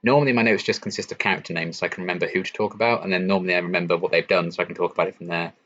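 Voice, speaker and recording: A young man from England hosts a relaxed late-night stream Q&A, reading chat messages and answering them. His voice sits deep and low, and his chatty delivery is full of ums and likes. The audio is a little dull, like a lo-fi home stream. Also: racing. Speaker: YouTube reaction channel host.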